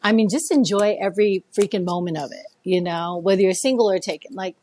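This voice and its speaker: A woman's voice: mid-range voice, brisk, a little mellow. A woman co-hosting a podcast, chatting casually and sharing her outlook with frequent laughs. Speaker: podcast co-host. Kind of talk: casual chat.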